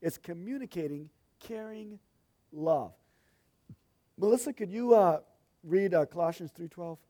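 Middle-aged male pastor, fairly high voice, homespun and talkative from the pulpit. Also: unhurried, mellow. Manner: folksy, chatty, asides to the congregation. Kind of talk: sermon-style teaching.

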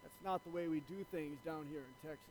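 A preacher doing a gruff old Texas farmer. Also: male voice, a little high, a little fast, a little mellow, pitched below the performer's own voice, poor audio. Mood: dry, unbothered.

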